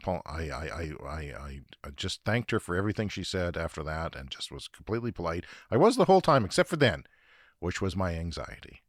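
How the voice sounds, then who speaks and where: Canadian male podcast host, comic monologue, swears freely, lively pitch, dry sound. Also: no echo. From Saskatchewan, Canada. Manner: profane, ranting, self-deprecating. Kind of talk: comedic storytelling monologue.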